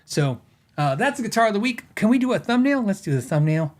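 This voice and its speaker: Middle-aged man, fairly high voice, podcast host, rambling casual chat, many fillers. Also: big pitch swings, a little fast, a little mellow. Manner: rambling, filler-heavy storytelling with laughs.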